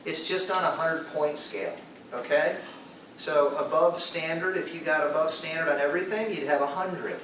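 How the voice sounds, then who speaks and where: A man's voice: a little high, steady tone, normal speed, pushed and bright, recorded from a distance, slight background noise. Guy teaching english class, keeps asking okay? right?, recorded from across a big echoey room. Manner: explains patiently, checks in with students often. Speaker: ESL teacher.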